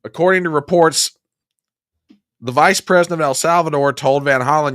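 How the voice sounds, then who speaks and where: A man's voice: a little high, normal speed, long pauses, fairly bright tone, no echo, clean studio sound. A man hosting a political commentary show, ranting with exasperated sarcasm. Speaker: host.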